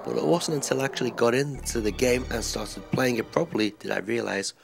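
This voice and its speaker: Gravelly man narrating gameplay. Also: mid-range voice, fairly quick. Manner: relaxed, rambling, frequent uh fillers. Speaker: retro game reviewer. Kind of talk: casual gameplay commentary voice-over. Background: game music.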